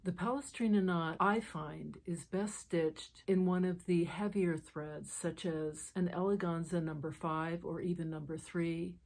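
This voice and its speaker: A woman teaching an embroidery stitch step by step, talking calmly as she works by hand. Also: lowish voice, measured pace, hardly any pauses. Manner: calm, explains while stitching by hand. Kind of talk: step-by-step craft tutorial.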